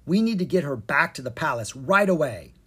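Storyteller putting on a plucky girl hero, voice jumps up high and lively, a bit breathy. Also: fairly quick. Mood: brisk. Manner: urgent, raised and bright. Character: brave determined young girl adventurer.

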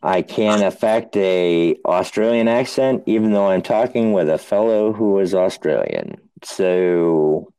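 A man's voice: sits low, expressive, a little slow, hardly any pauses, mellow, clear, resonant tone, dry recording. A man from New Hampshire co-hosting a podcast in casual chat. He rambles, laughs often and swears freely. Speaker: podcast co-host.

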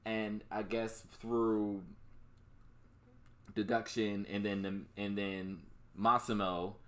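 A man's voice: on the low side, flat delivery, takes it slowly. A man casually recapping a movie plot for a co-host, rambling and swearing, with many fillers and restarts. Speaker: podcast co-host.

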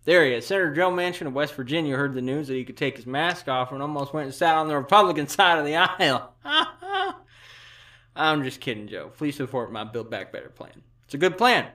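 A man's voice: on the high side, fast talker, hardly any pauses. A man doing an impression of a rambling elderly president, with a put-on Southern drawl and a mushy sound, as if something is in his mouth. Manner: meandering deadpan jokes, trailing asides. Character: rambling elderly male president, folksy and off-color. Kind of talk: satirical speech impression.

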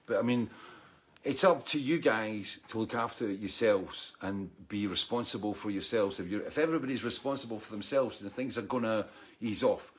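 A man's voice: lowish voice, normal speed. A man hosting a casual livestream chat, rambling and swearing, with many "you know"s. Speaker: show host.

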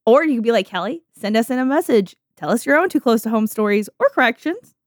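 A woman's voice: on the high side, lively intonation, fast, dry recording, studio quality. A woman hosting a podcast, chatting playfully and joking with guests. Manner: playful, joking, laughing often. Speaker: podcast host. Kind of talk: casual podcast chat.

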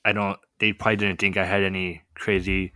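A young man telling a story in a casual chat, animated and full of fillers. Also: low-pitched, brisk, no room sound, clean studio sound. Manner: animated, many "like" fillers, laughs often. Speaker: podcast guest telling a story.

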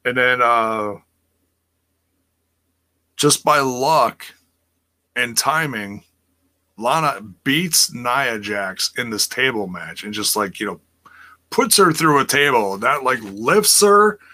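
A man's voice: medium pitch, lively intonation, takes it slowly, pauses often, sharp tone. A man hosting a casual wrestling live stream, reading chat messages and rambling with repeated words and easy laughter.

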